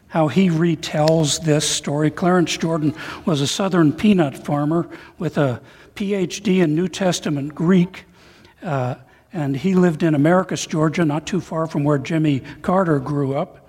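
A man preaching a sermon, retelling a parable in an animated storytelling way. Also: a little high, moderate pace, slightly rough. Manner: animated storytelling, reading a retold parable aloud. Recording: long reverb of a large hall.

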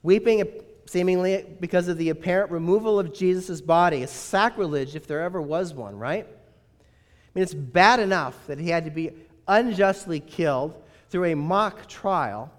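A man's voice: high voice, moderate pace. A male pastor preaching a sermon in a conversational, wry manner, often asking rhetorical questions. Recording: reverberant hall.

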